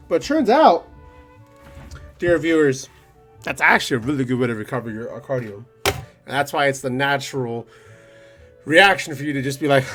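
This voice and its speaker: Young male let's play host, swears freely, rambling asides, somewhat high voice with lively pitch, a little winded. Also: moderate pace, soft background music. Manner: profane, rambling, joking asides. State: slightly out of breath. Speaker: gaming video host. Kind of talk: let's play commentary reading a visual novel.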